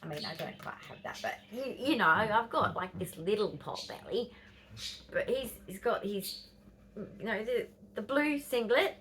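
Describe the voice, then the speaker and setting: A woman's voice: mid-range voice, expressive, normal speed, a bit bright, slight background noise. An Australian woman in her fifties telling a rambling, blunt story to camera, swearing and dropping into whispers. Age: 50s. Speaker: vlogger.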